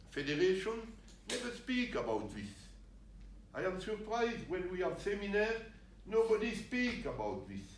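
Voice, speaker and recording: An older man from France with a French accent, giving an animated, jokey talk to referees in broken English. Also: sits high, slight background noise. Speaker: guest speaker. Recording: roomy sound from a distance, faint ambience.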